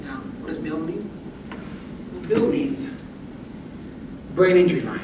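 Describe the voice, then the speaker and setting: A man giving a motivational talk, telling humorous personal stories with an animated, self-deprecating delivery. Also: high-pitched, takes it slowly, pauses often. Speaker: motivational speaker. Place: university lecture hall. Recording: echoey hall audio from far off with background noise.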